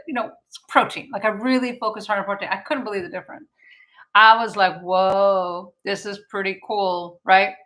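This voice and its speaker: A bright, forceful woman in her fifties hosts a casual live-stream health chat. She talks in an animated, chatty way, full of fillers, and often acts out her own thoughts. Her voice sits at a middle pitch. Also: poor audio. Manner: chatty and animated, with many fillers and quoted self-talk. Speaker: naturopathic doctor and show host.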